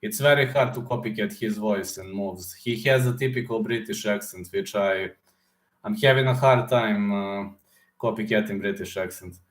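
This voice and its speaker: A man chats casually on a livestream, his voice sitting a little low and sounding hoarse. He talks haltingly, often stopping to hunt for the right English word. The room around him gives the voice a noticeable echo. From Serbia. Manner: halting, searching for words, many fillers. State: hoarse throat. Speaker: livestream host answering chat.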